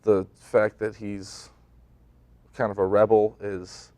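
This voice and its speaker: Deep-voiced young man, relaxed studio chat. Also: takes it slowly, no echo. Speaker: stage actor. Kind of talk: local TV interview.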